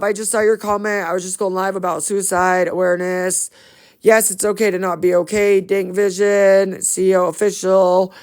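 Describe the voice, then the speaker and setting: A woman on a phone livestream, greeting viewers by name in an affectionate, chatty, rambling way. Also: medium pitch. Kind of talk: casual livestream shout-outs.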